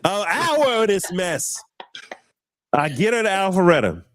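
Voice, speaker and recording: Lively young man telling a story. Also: high-pitched, a little slow, slight background noise. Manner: acts out voices in his stories, preachy exclamations. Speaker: podcast host. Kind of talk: animated storytelling on a podcast.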